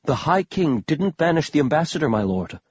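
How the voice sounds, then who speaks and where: A man voicing a soft-spoken, courteous male scholar who talks hesitantly. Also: a little high, big pitch swings, normal speed, breathy edge, no room sound, highs cut off. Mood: earnest.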